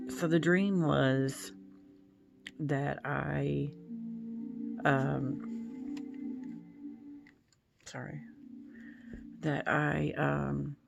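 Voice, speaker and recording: A woman vlogger recounts things in a meandering, hesitant way, with a thick layer of vocal fry running under her words. She takes her time, letting each phrase drift out slowly. It sounds like a casual talk recorded at home. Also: very deep voice. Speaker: tarot-reading YouTuber. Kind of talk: casual vlog storytelling.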